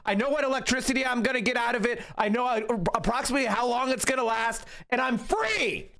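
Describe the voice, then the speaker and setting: A man streaming live, reacting to a clip with angry, profane rants and bursts of yelling. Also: extremely high pitch, quick pace, creaky. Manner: yells in bursts.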